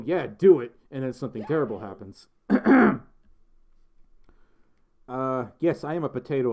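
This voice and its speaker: A man's voice: mid-range voice, darkish tone. Chatty man streaming with a congested voice. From United States. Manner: chatty, rambling, answers chat questions with laughs and fillers. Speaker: livestream host reading chat. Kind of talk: casual livestream chat. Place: indoors, in a fursuit.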